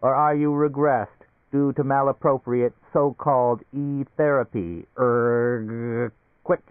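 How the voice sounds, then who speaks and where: A man's voice: medium pitch, fairly even intonation, slow, clean tone, no room sound, voice pushed up, natural voice. A man voicing a fussy, prim talking psychiatrist machine in an audiobook, over a tinny, phone-like recording. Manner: prim, chattering, giggly.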